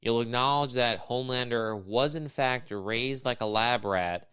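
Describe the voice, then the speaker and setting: A man co-hosting a podcast, riffing sarcastically and deadpan through a casual TV recap. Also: medium pitch, measured pace, clean tone, no room sound, clean studio sound. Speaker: podcast co-host.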